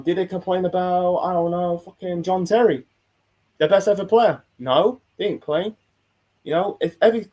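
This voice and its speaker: Male streamer host, high husky voice, rambling, heated, sweary reaction rant. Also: warm tone. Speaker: host reacting to a football video. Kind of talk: casual live-stream rant.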